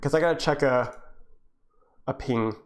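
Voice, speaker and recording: A man's voice: mid-range voice, a little slow. A young man coaching live on stream, reviewing gameplay in a casual, joking way and answering his viewers. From United States.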